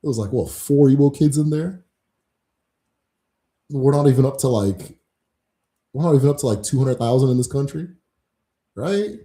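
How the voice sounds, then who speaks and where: A man's voice: medium pitch, animated, moderate pace, pauses often, mellow. A man hosting his own channel, ranting casually and mockingly to camera, swearing and laughing often. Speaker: host of a channel on Igbo spirituality. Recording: roomy echo.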